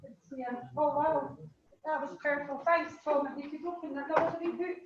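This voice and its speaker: A woman's voice: high-pitched, fairly even intonation, fairly quick, heavy background noise. A Scottish woman hosting an awards event, chatty and getting choked up as she speaks. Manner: chatty, warm-hearted, gets choked up. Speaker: event host. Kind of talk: emotional award speech. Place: hot function room. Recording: echoey room, distant dull mic.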